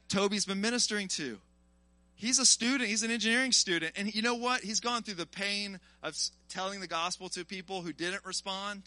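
A male preacher with a high, piercing voice, telling a story in an emphatic sermon. He keeps turning to the congregation and speaks in a close, dry sound. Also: dry recording. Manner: animated, emphatic, addresses the congregation directly.

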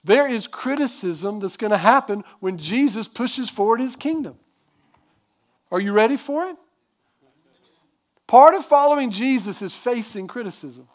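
A man's voice: very high-pitched, animated, measured pace, pauses often. A man preaching a sermon as pastor, emphatic, putting questions to the congregation.

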